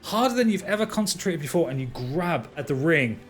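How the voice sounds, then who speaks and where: A man's voice: on the high side, very animated, a little fast, soft background music. Man running a tabletop game. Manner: stumbling, repeats words while narrating. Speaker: dungeon master.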